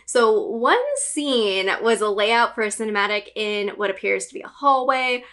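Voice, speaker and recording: Bright-voiced chatty woman. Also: medium pitch, normal speed. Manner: chatty, with frequent fillers and giggles; enthusiastic fan. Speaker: gaming news channel host. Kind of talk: casual recap commentary.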